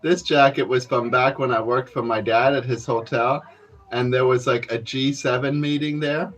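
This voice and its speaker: A young man in a comedic persona rants straight to camera, crude and loose, wandering off into half-mumbled asides. His voice sits at an ordinary middle pitch for a man, and he swears freely while he talks. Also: steady tone, moderate pace, a bit bright, soft background music. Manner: rambling, profane, mumbled asides. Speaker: comedy character host.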